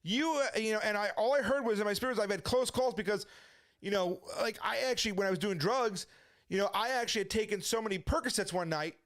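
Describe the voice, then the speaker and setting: A man's voice: sits high, fast talker, fairly bright tone. A middle-aged man telling his personal testimony as a story, acting out the voices of the people he quotes. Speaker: testimony speaker.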